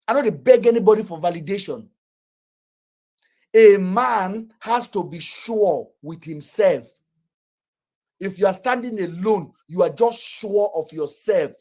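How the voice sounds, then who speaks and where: Nigerian male host, casual storyteller, blunt and boastful, husky mid-pitched voice. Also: a little mellow. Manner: blunt, boastful, swears freely. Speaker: podcast host.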